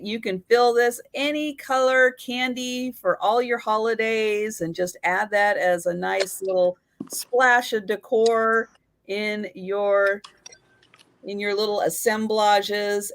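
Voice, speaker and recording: A woman's voice: mid-range voice, steady tone, slow pace, a bit bright. A woman hosting a live vintage sale, describing items carefully and greeting viewers by name in a casual chat.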